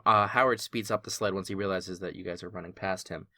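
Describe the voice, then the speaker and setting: A man's voice: sits low, fairly even intonation, fast, bright, forceful tone, no room sound. Laid-back male game master, dry sound. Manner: laid-back, joking, talks through rulings aloud. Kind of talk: running a tabletop game, casual chat.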